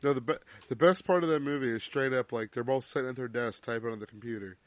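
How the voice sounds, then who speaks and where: A man's voice: medium pitch, fast, no room sound. A man co-hosting a casual podcast chat, recorded dry and close. He tells crude, profane movie stories and laughs along the way. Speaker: podcast co-host.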